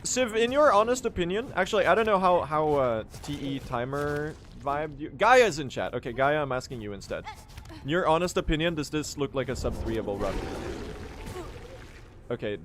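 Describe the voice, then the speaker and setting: Lively joking young male streamer. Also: fairly high pitch, normal speed, a little hiss or hum. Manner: joking, chatty, answers chat. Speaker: speedrunning streamer. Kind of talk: casual live-stream chat.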